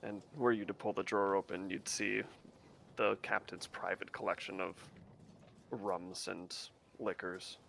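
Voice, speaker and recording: A man voicing a calm, commanding male ship captain with a measured, formal way of talking. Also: deep voice, vocal fry, slight background noise, full character voice.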